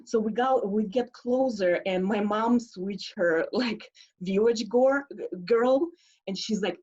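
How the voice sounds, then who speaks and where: A woman's voice: medium pitch, takes it slowly, a little mellow, poor audio. A woman telling a personal story live, chatty and full of "like", acting out the people she quotes.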